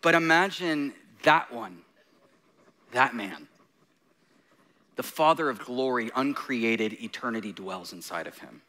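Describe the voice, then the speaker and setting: A man's voice: medium pitch, expressive, a little slow, pauses often, bright, forceful tone. A man preaching a sermon, mixing laughing, self-deprecating jokes with intense points. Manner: laughing often while talking. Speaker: guest preacher.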